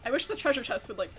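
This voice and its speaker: A woman's voice: on the high side, slight background noise. A woman streaming a game as a VTuber, chatting casually, giggling a lot and swearing freely. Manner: giggly, chatty, often breaks into laughter. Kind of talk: casual chat while gaming.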